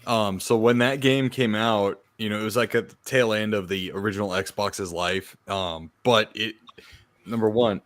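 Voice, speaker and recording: A man co-hosting a podcast, chatting casually about games with easy laughs and swearing. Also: on the low side. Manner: relaxed gamer talk with laughs and swearing. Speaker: podcast co-host. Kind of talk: casual chat.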